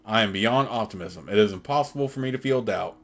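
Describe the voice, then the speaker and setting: A man's voice: on the low side, fairly quick, fairly bright tone, soft background music. A man voicing a zealous, endlessly optimistic male pilgrim leader as he reads a video game's dialogue aloud, earnest and pleading.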